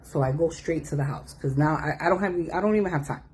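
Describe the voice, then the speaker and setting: A woman telling a personal story in a casual, animated way, acting out the voices of the people in it. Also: low-pitched, fast, breathy edge. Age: adult. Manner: animated, acts out quoted voices.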